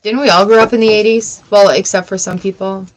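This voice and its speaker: A woman's voice: medium pitch, fairly even intonation, fairly quick, rough recording. A middle-aged woman runs a live card reading, chatty and reassuring. She speaks straight to her viewers in an easy, everyday voice. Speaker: tarot reader.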